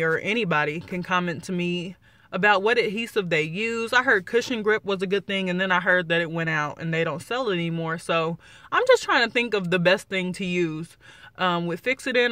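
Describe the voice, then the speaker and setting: A woman giving a chatty, excited vlog update, with a slight lisp from new dentures and many fillers. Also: lowish voice, no room sound. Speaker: vlogger.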